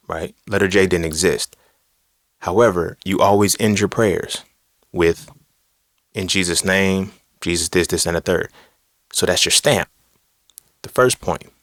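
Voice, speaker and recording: Low-voiced and a bit bright, this podcast host speaks over clean, echo-free studio sound. His casual talk on philosophy and religion comes across blunt, profane, preachy and full of rhetorical questions.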